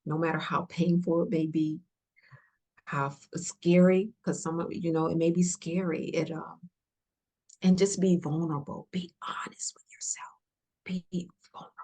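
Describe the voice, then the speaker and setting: A woman speaks on a podcast in a low, husky voice with a gravelly edge. She is earnest and heartfelt, repeating her encouragements and often softening into a whisper. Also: little pitch movement, normal speed. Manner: earnest, repetitive, softly emotional, drops to whispers. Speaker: podcast guest.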